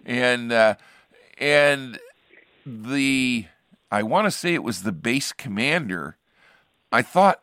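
A man's voice: mid-range voice, animated, takes it slowly, pauses often, fairly bright tone, no echo. A man hosting a radio program as a pastor, chatting casually and rambling with frequent restarts. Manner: rambling, restarts sentences often. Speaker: radio show host, pastor.

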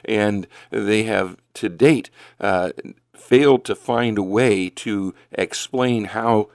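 A man's voice: lowish voice, takes it slowly, creaky, no echo, clean studio sound. An older man from Northeast Ohio hosting a Christian radio program, who rambles unhurriedly with many fillers and restarts and also prays and reads scripture aloud. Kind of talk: casual radio talk with prayer and scripture reading. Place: radio studio.

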